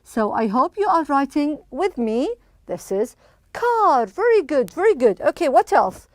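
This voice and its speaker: A woman teaching English to young children in an online lesson, slow and encouraging, with frequent praise. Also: sits high, sing-song, dry recording, clean studio sound.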